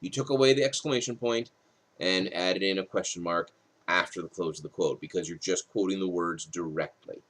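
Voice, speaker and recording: A man's voice: deep voice, brisk, a bit bright. A male writing instructor, tired late at night, reads rules from a textbook in a recorded lecture and explains them with casual asides.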